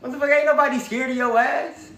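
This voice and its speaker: Brief: man with a high, fiery voice, preachy livestream monologue, heavy swearing, echoey room. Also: very animated, normal speed, a bit bright. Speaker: livestream host.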